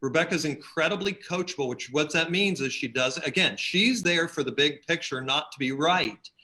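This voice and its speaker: Bright-voiced man telling stories. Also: a little high, normal speed. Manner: storytelling, acts out quotes in animated voices. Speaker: podcast guest, team leader. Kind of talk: casual chat.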